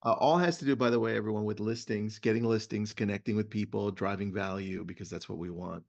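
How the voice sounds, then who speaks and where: A man's voice: on the low side, fast, gravelly. A middle-aged man hosting a webinar, chatting casually and telling stories with animation over a video call. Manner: animated storyteller. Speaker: webinar host. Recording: muffled lo-fi web audio.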